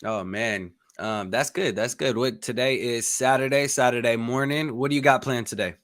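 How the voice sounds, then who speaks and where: A man's voice: medium pitch, moderate pace, a bit bright. A young man hosting a podcast, chatting casually with a guest and rambling with lots of fillers. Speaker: podcast host. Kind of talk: casual interview chat.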